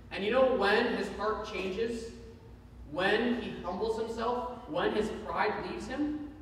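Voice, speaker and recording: A man's voice: high voice, a bit bright, slight background noise. A man preaching a sermon, earnest and emphatic, repeating his main point. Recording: echoey hall from far off.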